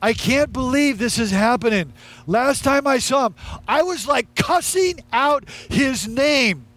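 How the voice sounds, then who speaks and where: A man's voice: very high-pitched, animated, unhurried, fairly bright tone, pitched above the performer's own voice, exaggerated voice. A male pastor voicing Peter, an impulsive, brazen male apostle, with a raised, insistent delivery. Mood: panicked.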